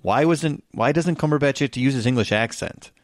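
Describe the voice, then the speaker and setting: A man co-hosting a casual podcast chat, rambling and animated, with many restarts. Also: mid-range voice, a little fast, no room sound, clean studio sound. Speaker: podcast co-host.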